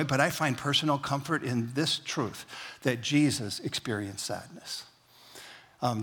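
Male pastor, husky voice, folksy sermon with light jokes and call-and-response. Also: medium pitch, fairly bright tone. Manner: conversational and folksy, with humorous asides; leads the congregation in call-and-response.

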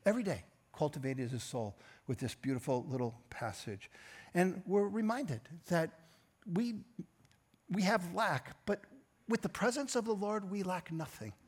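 A man preaching a sermon, earnest and personal, rising and swelling on key phrases and dropping soft at the ends of lines. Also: sits high, lively intonation, unhurried, husky. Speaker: pastor.

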